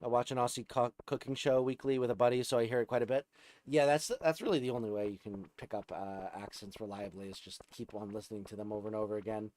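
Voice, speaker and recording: This streamer talks quickly in a fairly low, darkish voice with fairly even intonation. He gives casual, rambling commentary and frequently restarts while chatting with viewers over a video game, its music audible behind him.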